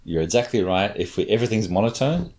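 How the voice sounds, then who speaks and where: A man's voice: on the low side, expressive, fast, a little mellow. A man, a cognitive scientist, explaining his experiments patiently in a casual chat and demonstrating intonation.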